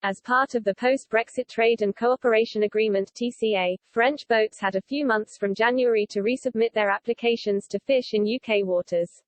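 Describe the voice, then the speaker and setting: A woman narrating a news article in a steady, even reading voice. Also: on the high side, moderate pace, few pauses, no echo.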